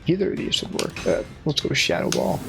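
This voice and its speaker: A woman's voice: on the low side, sing-song, quick pace, gravelly, over music. A young woman co-hosting a let's-play, chatting casually and thinking aloud while playing. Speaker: co-host, player.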